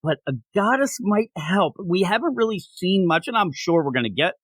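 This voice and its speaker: A man's voice: sits high, moderate pace, slightly rough, no room sound, low-quality recording. A man co-hosting a comic book podcast, chatting casually and joking with lots of laughter. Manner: animated, jokey, laughs often. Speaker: podcast co-host. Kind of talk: casual comic review chat.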